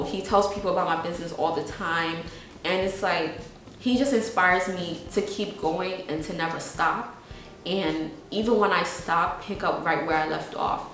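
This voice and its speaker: A young woman with a lowish voice talks candidly in a documentary interview, casual and earnest, and keeps checking in with "you know what I'm saying". The room rings with heavy echo, and faint noise sits underneath. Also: a bit bright, recorded from a distance. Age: young adult. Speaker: entrepreneur interviewee.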